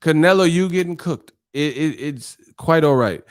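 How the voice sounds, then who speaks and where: A man hosting a live stream and bantering with his chat in a profane, teasing, animated way. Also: on the high side, normal speed, clean tone, no room sound. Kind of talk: casual live stream commentary.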